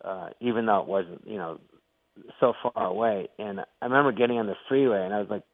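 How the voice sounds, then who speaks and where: An older man, a comedian being interviewed, telling stories in an animated way and acting out the voices he quotes. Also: fairly low pitch, brisk, no echo. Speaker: guest comedian. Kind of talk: interview storytelling. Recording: tinny phone-like line, dry.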